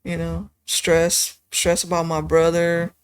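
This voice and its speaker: A woman guest on a podcast, talking casually and rambling with lots of "you know" and "like", going soft and subdued over hard memories. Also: fairly low pitch, completely flat delivery, slow pace, clear, resonant tone, no echo. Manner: soft, subdued when telling sad parts. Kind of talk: casual conversation.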